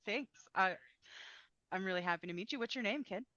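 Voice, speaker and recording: A woman voicing a grown male hero who talks softly and sincerely to his fans, halting a little. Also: mid-range voice, no room sound, highs cut off, lightly acted. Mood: touched.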